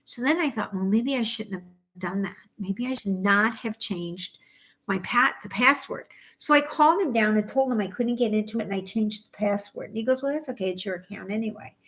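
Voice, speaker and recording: A middle-aged woman co-hosting a knitting podcast in casual chat, ranting with bursts of loud exasperation. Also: medium pitch, a little fast. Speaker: podcast co-host.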